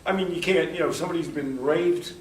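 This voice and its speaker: Talking fast in a fairly high register, this workshop speaker from the United States rambles through stories and performs bits of quoted dialogue in a conversational lecture. He's captured in a workshop room by a distant hall mic, so the sound is roomy.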